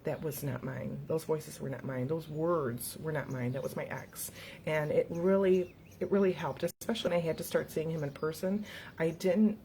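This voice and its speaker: A woman's voice: sits low, fairly even intonation, moderate pace, dark tone, slight background noise. A middle-aged woman hosting a casual motivational talk for viewers, speaking earnestly and encouragingly and laughing easily. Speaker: host.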